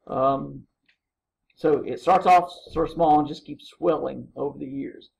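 Chatty male college lecturer, bit high. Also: steady tone, measured pace, gravelly, darkish tone, rough recording. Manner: chatty storytelling, acting out quotes, frequent "right?". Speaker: college humanities instructor. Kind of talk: classroom lecture. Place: classroom.

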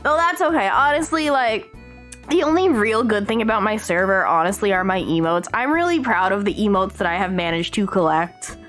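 A woman's voice: medium pitch, lively intonation, brisk, fairly bright tone, soft background music. A woman hosting a casual live stream, chatting in a bubbly, gushing way with lots of slang. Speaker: streamer host.

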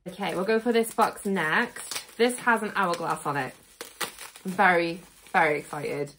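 A woman vlogger chatting casually at home while unboxing, gushing and excitable, often repeating "really, really". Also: on the low side, unhurried, a little hiss or hum.

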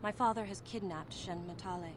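A woman's voice: medium pitch, a little fast, natural voice. An actress playing an earnest young woman pleading for understanding of her father in a video game. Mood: earnest, worried.

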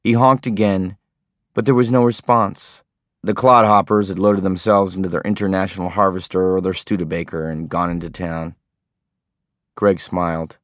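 A man narrating an audiobook in a steady, understated way. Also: deep voice, moderate pace, no echo, studio quality. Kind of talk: scripted narration.

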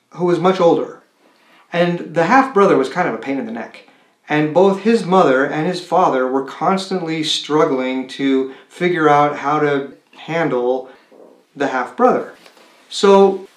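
Man, admissions counselor, chatty explanation, somewhat high voice, echoey room. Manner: conversational, with many restarts and rhetorical "right?". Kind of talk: explanatory talk to students. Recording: roomy echo.

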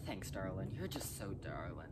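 A young performer playing a boastful, shady male oat salesman who rambles erratically and jumps to sudden shouts. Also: mid-range voice, lively intonation, a little slow, very noisy, close to an everyday voice. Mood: smarmy. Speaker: salesman character. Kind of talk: comedic sketch acting.

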